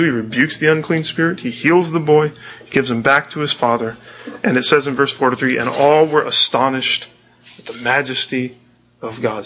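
Bright-voiced man preaching earnestly. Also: fairly high pitch, highs cut off. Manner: earnest, conversational preaching with frequent restarts. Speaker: pastor. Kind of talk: sermon.

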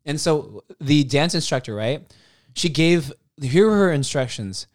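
A man's voice: on the high side, lively intonation, a little slow. A young man telling stories on a podcast in casual chat, acting out quoted voices and laughing often.

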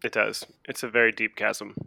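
A man with a gravelly, bright, edgy voice trading sarcastic remarks in a casual podcast chat. The recording is close and dry, with no room sound. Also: on the low side, little pitch movement, moderate pace, no room sound. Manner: wry, sarcastic interjections. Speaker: podcast co-host.

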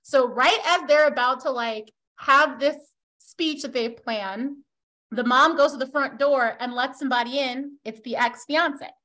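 A young woman on a book club podcast, casually retelling a novel's plot in an animated way and dropping "like" all through her talk. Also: high-pitched, unhurried. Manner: animated storyteller who acts out characters' lines; heavy use of "like" as a filler.

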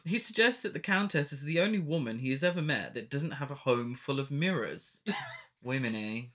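Bright-voiced man laughing through a plot recap. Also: mid-range voice, expressive, normal speed. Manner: giggly, retells the plot with frequent laughs. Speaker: podcast co-host. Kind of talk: casual film-review chat.

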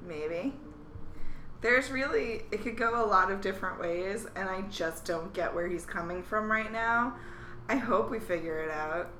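A woman with a bright, clear voice, chatting as a podcast co-host. She talks things through loosely and slips into quoted lines. The room rings with echo, and faint ambience sits underneath. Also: mid-range voice, measured pace, a little hiss or hum. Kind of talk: casual chat. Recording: echoey room.

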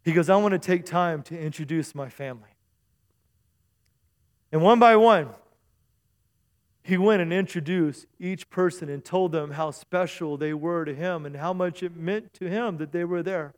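Pastor guy w a high voice, joking around mid sermon, keeps tossing amens at the church. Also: normal speed. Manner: chatty, jokey preaching with call-and-response asides. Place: church service.

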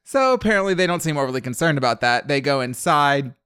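A man's voice: fairly high pitch, lively intonation, quick pace, sharp tone, clean tone, no echo, studio quality. A young man co-hosting a podcast, recapping a movie in rambling casual chat full of "like" and laughter. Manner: rambling, filler-heavy, laughing often. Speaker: podcast co-host.

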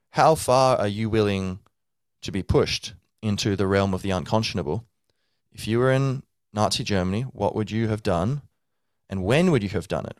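Low-voiced man rambling in a dry close recording. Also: no room sound. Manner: rambling, many fillers and restarts. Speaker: podcast host. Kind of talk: casual monologue.

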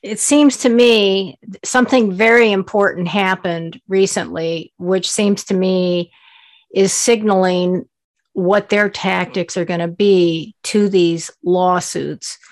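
Female interviewer, mid pitch, direct and probing follow-ups. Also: fairly even intonation, slow pace. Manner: asks pointed follow-up questions. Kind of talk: interview questions.

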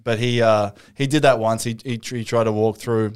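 A man's voice: lowish voice, steady tone, a little fast, clean tone. A young Australian man telling rambling anecdotes full of fillers in a casual podcast chat.

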